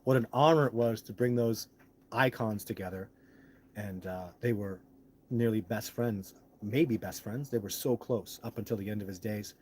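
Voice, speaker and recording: A man hosting a live stream, answering chat in a rambling way that heats up into loud, indignant rants with cursing. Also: lowish voice, normal speed, a little hiss or hum.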